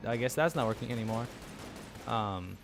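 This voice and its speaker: A man talks through his own video game run in casual commentary. His voice sits in a middle pitch, and he rambles with plenty of ums and nervous asides. Soft game music plays faintly behind him. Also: unhurried. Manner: rambling, frequent ums, flustered chatter with laughs. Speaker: gameplay commentator. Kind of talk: casual let's-play commentary.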